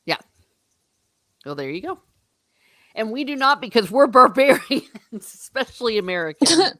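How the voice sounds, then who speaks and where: A woman's voice: a little high, big pitch swings, moderate pace, pushed and bright, no echo, clean studio sound. A woman with an Irish accent hosting a casual book discussion, chatty and laughing often. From Ireland. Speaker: host.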